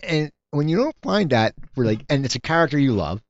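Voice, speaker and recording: Man, fast halting talk, dry sound, slightly dull lo-fi audio, interview host. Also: fairly high pitch, big pitch swings, no room sound. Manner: halting, many "I mean" fillers. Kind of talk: casual interview chat.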